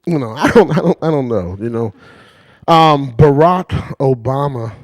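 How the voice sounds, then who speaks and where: A man's voice: mid-range voice, animated, unhurried, dry recording. A man doing a rambling stand-up routine, chuckling between lines and repeating "you know what I mean". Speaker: stand-up comedian.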